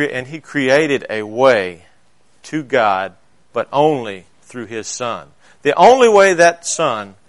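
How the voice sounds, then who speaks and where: A male pastor, preaching a sermon. He tells stories and swings between loud emphasis and quiet asides. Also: medium pitch.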